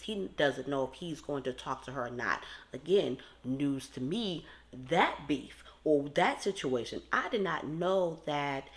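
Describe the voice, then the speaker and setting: A woman talks her viewers through a reality TV episode in a loose, rambling recap. Her voice sits low and deep. She wanders off into asides and speaks straight to her audience. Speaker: TV recap commentator. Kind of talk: casual commentary addressed to viewers.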